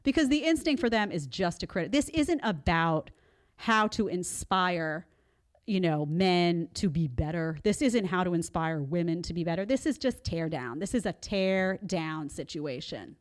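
A woman hosting a live commentary show, sarcastic and animated, often mimicking others in mocking voices. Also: on the low side, normal speed. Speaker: host.

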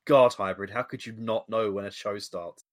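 Man, lowish voice, podcast regular, swears a lot, teasing, animated. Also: moderate pace. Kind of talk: casual chat.

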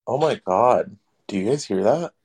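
A man's voice: lowish voice, normal speed, breathy edge. A man co-hosting a podcast in casual chat, swearing freely and telling stories wryly. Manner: swears freely, wry, lively storytelling. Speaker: podcast co-host.

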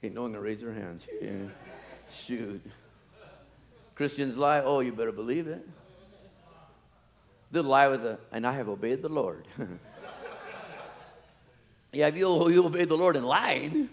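A male pastor preaching a sermon, animated, swinging from loud pleading to quiet, low asides. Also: unhurried, gravelly, pauses often.

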